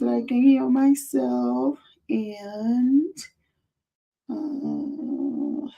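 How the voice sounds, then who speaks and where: A woman's voice: mid-range voice, creaky, mellow, dull audio. A woman hosting a casual livestream, effusive and emotional, repeating her greetings. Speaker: livestream host.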